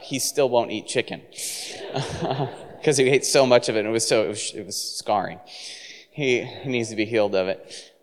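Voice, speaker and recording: A man at mid pitch preaches, telling a lively story and breaking into laughter as he acts out the people in it. His voice rings out with a long hall reverb, as if from a church stage. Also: clean tone. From San Francisco. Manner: animated, laughing storyteller acting out quotes. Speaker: pastor. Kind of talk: sermon storytelling.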